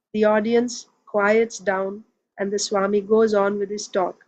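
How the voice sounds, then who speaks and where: A woman reading a book aloud in a measured, steady way. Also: medium pitch. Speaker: reader.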